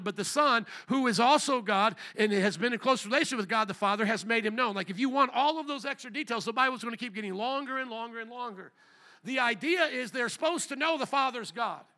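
A man preaching at a church service with a high, ringing voice. He keeps asking the congregation for amens. He slows and lifts his voice when he reads scripture aloud. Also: pushed and bright. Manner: preaching with call-and-response prompts to the congregation; reads scripture aloud, slowing and rising in pitch for quoted lines. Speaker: pastor. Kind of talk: sermon.

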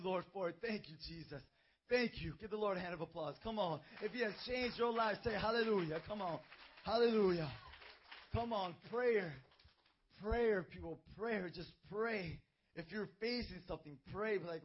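A young man preaching a youth sermon into a handheld mic, emphatic and building to shouts. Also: sits high, normal speed, husky. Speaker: youth pastor. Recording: dull lo-fi recording.

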